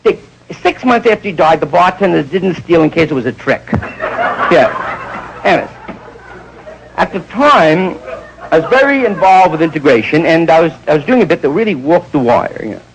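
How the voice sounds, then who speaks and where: A man doing stand-up storytelling, jumping into quick voices of the people in his stories. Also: fairly high pitch, sing-song, gravelly, background noise. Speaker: stand-up comedian.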